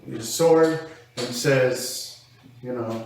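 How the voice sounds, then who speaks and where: A man's voice: mid-range voice, slow, darkish tone, a little hiss or hum. A man running a tabletop game as game master, easygoing and describing the action to his players. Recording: echoey room, far from the mic.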